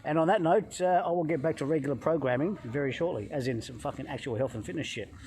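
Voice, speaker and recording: A middle-aged man from England, a health coach vlogger telling a travel story in a swearing, animated way, talking into a phone outdoors by a hotel pool. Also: fairly high pitch, fast.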